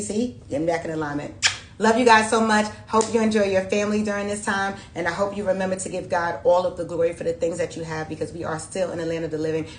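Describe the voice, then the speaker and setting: A woman's voice: fairly low pitch, roomy sound, slight background noise. A woman giving a casual tarot reading to her viewers, chatty and urgent, repeating herself for emphasis. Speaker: tarot reader.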